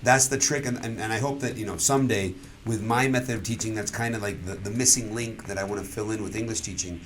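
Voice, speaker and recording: A man who grew up in Alaska, a guest English teacher explaining pronunciation in an earnest, steady way. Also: on the low side, quick pace, a little hiss or hum. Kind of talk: casual interview.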